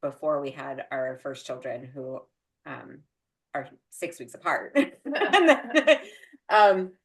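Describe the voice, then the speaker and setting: A woman co-hosting a parenting podcast, talking thoughtfully and pausing on fillers. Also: deep voice, expressive. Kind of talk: casual conversation.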